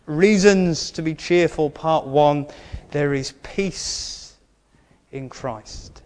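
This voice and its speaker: Earnest higher-voiced male preacher. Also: drawn-out words, a little mellow, in a large hall. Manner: earnest, with wry asides. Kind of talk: sermon.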